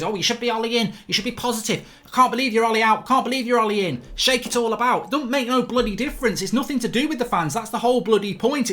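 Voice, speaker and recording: A man's voice: sits high, fairly bright tone. A man hosting a live match reaction stream, reading chat messages aloud and ranting with frequent swearing and sarcasm. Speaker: football fan livestream host.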